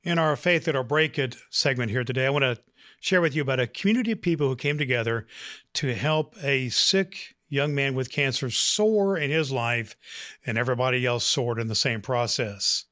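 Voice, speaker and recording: A man's voice: mid-range voice, animated, moderate pace, pushed and bright, no echo, studio quality. A man hosting a podcast, giving earnest, motivational encouragement and telling a joke. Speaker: podcast host.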